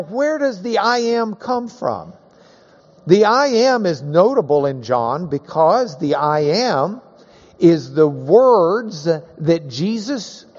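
A man teaching a Bible class in a folksy, joking way, leaning hard on key words. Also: a little high. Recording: dull, echoey hall recording.

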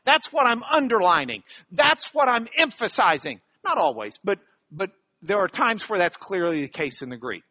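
A man's voice: sits high, big pitch swings, moderate pace, bright, forceful tone. A man giving a live teaching talk to an audience, explaining step by step and checking in with rhetorical questions. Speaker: bible teacher.

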